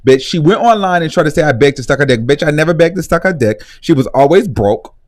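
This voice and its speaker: A man's voice: a little high, lively intonation, fast talker, darkish tone. A young adult man hosting a live stream, ranting bluntly and profanely. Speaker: host.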